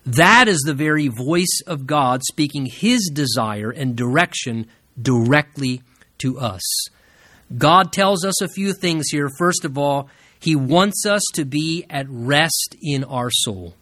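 A man preaching a sermon in an earnest way, who slows down and drops his voice low to stress key phrases. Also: animated, sharp tone, no room sound, clean studio sound. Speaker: pastor.

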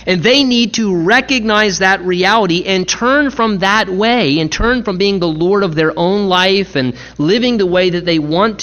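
A man preaching a sermon, earnest and emphatic, repeating key phrases and slowing down to stress words. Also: high voice, a bit bright. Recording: muffled lo-fi recording.

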